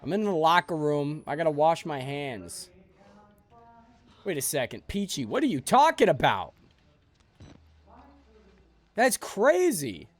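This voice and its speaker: A man's voice: on the high side, very animated, moderate pace. A man streaming a game live, joking and rambling sleepily with his chat.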